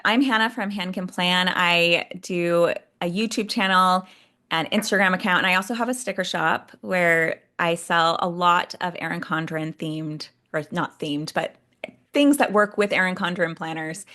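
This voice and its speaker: A woman's voice: lowish voice, pushed and bright. A woman from Texas, raised later in Utah, who is a guest on a planner channel, chatting enthusiastically and laughing often. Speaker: guest, sticker shop owner and planner creator. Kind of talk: casual chat.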